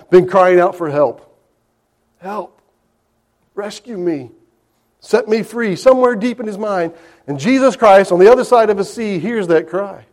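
A preacher with a fairly high voice for a man works through a scripture passage verse by verse. He reads the old text aloud, then retells it in plain, lively talk. His delivery rises to loud emphasis and drops to quiet, hushed lines. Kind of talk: sermon.

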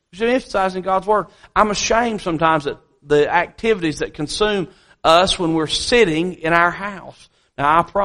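A man's voice: fairly high pitch, fairly bright tone. A man preaching a sermon as pastor, emphatic and repeating key phrases, with folksy asides, in a church.

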